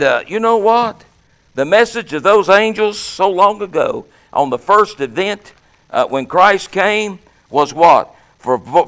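A man preaching an exuberant sermon as pastor, breaking into shouts and laughter. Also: high voice, vocal fry.

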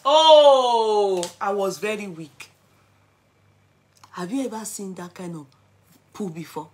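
A middle-aged woman with a Nigerian accent tells a personal story to camera in a vlog, dramatic and animated, switching between English, pidgin and Yoruba. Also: medium pitch, takes it slowly. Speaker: vlogger.

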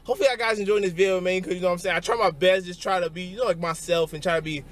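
A young man vlogging casually to camera about his gym day and meals, crude and joking, with sudden loud shouts. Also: high voice, fairly even intonation, very fast. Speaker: fitness vlogger. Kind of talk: casual vlog chat to camera. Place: gym and home.

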